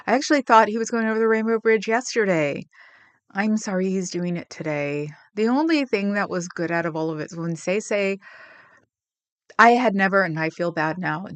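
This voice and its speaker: A woman's voice: fairly low pitch, dry recording. A woman hosting a livestream, chatting casually and rambling with viewers, getting emotional about her pets. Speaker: livestream host.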